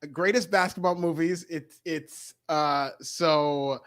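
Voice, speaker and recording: A man's voice: fairly high pitch, steady tone, takes it slowly, a bit bright. A man co-hosting a podcast in casual chat, enthusiastic and opinionated. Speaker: podcast co-host.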